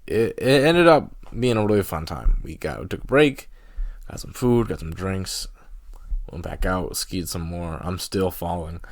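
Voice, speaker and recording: Low-voiced young man rambling casually. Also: lively intonation, normal speed, dry recording, clean studio sound. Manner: rambling, filler-heavy, laughing at himself. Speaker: podcast host. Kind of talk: casual solo storytelling.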